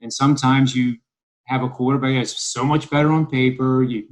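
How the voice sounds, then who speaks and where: A man's voice: mid-range voice, fairly even intonation, moderate pace, low-quality recording. A man from Philadelphia talks through his betting picks in a casual podcast discussion. He rambles with plenty of ums and uhs and slips in wry asides. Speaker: sports betting analyst.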